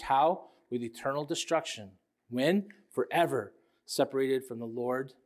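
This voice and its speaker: An earnest man in his sixties delivers a sermon in a somewhat high voice. He keeps circling back to his key phrases and stops to put questions to the congregation. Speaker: pastor.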